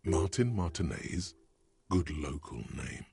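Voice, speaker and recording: A very deep, gravelly game narrator. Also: male voice, lively intonation, slow pace, a little mellow, no echo, heavily acted. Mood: wry. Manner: dry, sardonic narration. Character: wry, deep-voiced male game narrator.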